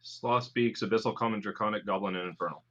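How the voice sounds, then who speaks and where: A man's voice: on the low side, fast talker, a bit bright, dull audio, a little hiss or hum. A man playing in a tabletop game, talking in an easygoing way and asking plain questions. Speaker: player. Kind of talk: casual tabletop game chat.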